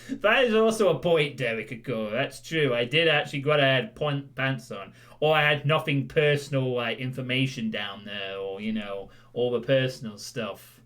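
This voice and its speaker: A man's voice: mid-range voice, fairly bright tone. A man hosting his stream, rambling casually and joking as he recaps past events for viewers. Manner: rambling, self-correcting, jokey. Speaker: streamer host.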